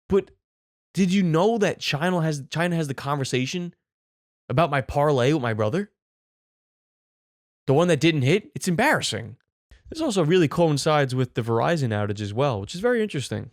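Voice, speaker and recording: A brash male comedy host riffing on the news with profane, mock-exasperated commentary. His voice sits a bit high, and the recording is dry and close, with no room echo. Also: big pitch swings, brisk, long pauses.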